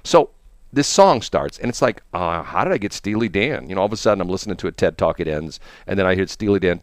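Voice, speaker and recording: Male radio host, lively swooping delivery, loose rambling storyteller, dry close sound. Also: low voice, quick pace, no room sound. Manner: rambling, enthusiastic storytelling with many restarts. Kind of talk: casual chat.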